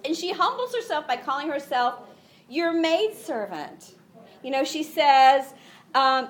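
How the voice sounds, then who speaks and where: A woman preaching a sermon, retelling the story in an animated way and acting out the voices. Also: high voice, a little slow. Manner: animated storytelling, acts out voices, laughs often.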